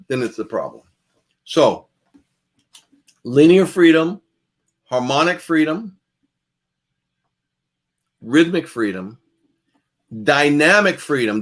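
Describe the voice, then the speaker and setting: A man leads a guitar master class in an easygoing, chatty manner, speaking at a medium pitch. He repeats phrases to stress points, and his volume shifts between loud and soft.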